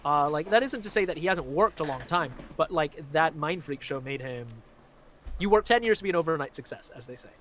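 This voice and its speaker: A man's voice: on the high side, animated, fairly quick, fairly bright tone, a little hiss or hum. A man co-hosting a live stream, chatting casually and thoughtfully, wandering through his points with lots of "like" asides. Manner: thoughtful, rambling with many "like" asides. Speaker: magician co-host of a livestream. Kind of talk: casual livestream chat.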